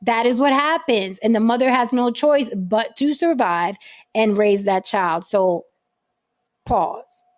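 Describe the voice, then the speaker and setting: A woman hosting a livestream talk show with a fairly high voice. She talks in a blunt, emphatic way, full of profanity. She holds forth to her viewers and answers chat comments as she goes. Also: expressive, slow. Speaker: host.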